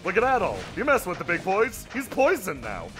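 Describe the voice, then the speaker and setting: A man's voice: high-pitched, huge pitch swings, a little fast. A man giving casual, joking commentary while playing a game, breaking into mock-alarmed yelps, with game music behind him. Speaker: let's play commentator.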